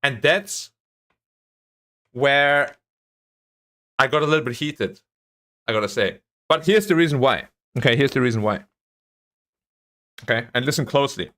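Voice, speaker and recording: A man's voice: mid-range voice, a little slow, long pauses. A young man streaming, chatting casually about a training day and ranting with frequent swearing. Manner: animated ranting, swears, voice jumps up when annoyed. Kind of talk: casual chat.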